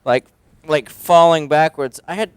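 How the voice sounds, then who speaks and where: A young man in a loose behind-the-scenes chat, rambling and laughing at himself. His voice is smooth and resonant. The sound is dry and close to the mic. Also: fairly high pitch, measured pace, dry recording. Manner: rambling, laughing, self-mocking. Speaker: actor in a student short.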